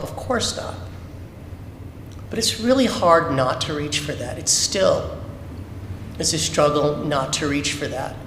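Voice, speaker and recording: A man's voice: fairly high pitch, slight background noise. A man giving a candid, emphatic personal talk at a Shabbat service, full of rhetorical questions. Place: synagogue sanctuary. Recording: echoey hall with long reverb.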